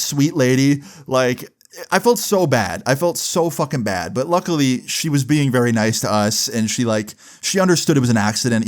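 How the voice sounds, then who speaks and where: Casual, swearing young man telling a story. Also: mid-range voice. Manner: casual, profane, lots of fillers. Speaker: vlogger. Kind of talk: storytime vlog.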